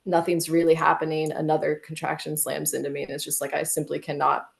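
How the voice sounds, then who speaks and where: A low-voiced American woman with a gravelly fry tells a personal story as a podcast guest. She talks vividly and emotionally, leaning on "like" as she goes. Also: monotone, fast talker. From United States.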